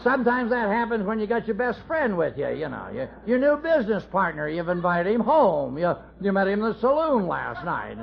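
A man's voice: high-pitched, sing-song, a little fast, gravelly, hardly any pauses, a little hiss or hum. A middle-aged man telling his recovery story at a meeting, folksy and self-mocking with wry humor. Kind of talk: AA speaker talk, storytelling. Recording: dull lo-fi tape recording.

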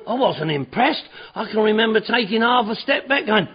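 Over background noise and a murmuring crowd, a high-pitched man speaks at normal speed, sharing his recovery story with a meeting. He animatedly performs the voices in his story and curses freely, and the lo-fi recording sounds dull.

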